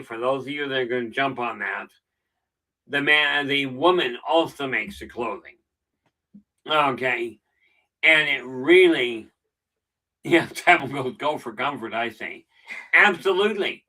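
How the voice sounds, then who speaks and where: A man's voice: mid-range voice, unhurried, pauses often, bright, forceful tone, distant mic, low-quality recording. A middle-aged man hosting a casual live stream, telling stories with dry jokes. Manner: chatty storyteller with dry jokes. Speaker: channel host.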